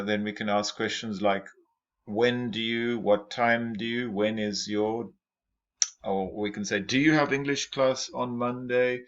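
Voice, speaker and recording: A man teaching an English class, patiently repeating example sentences and questions for his students. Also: on the low side. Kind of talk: classroom lesson explaining exam tips. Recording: dull lo-fi lecture recording.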